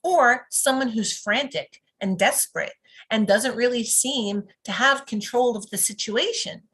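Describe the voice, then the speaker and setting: A woman coaching parents over a live video call, speaking calmly and instructively. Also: fairly high pitch, unhurried, rough recording. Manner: calm and instructive, lively when modeling praise. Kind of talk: teaching talk on live video.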